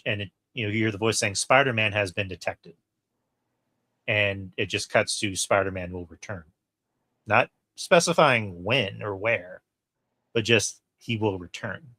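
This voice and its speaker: A man's voice: lowish voice, fairly bright tone, no room sound. A man hosting a casual movie review podcast, retelling scenes at length and acting out the characters' lines. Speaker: podcast host.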